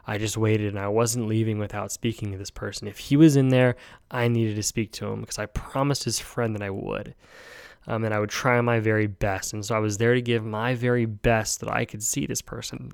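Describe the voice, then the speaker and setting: A man, a podcast host who works in hospice care, telling a personal story in a halting, heartfelt way with many fillers and restarts. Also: fairly low pitch, steady tone, creaky, smooth, no room sound, studio quality.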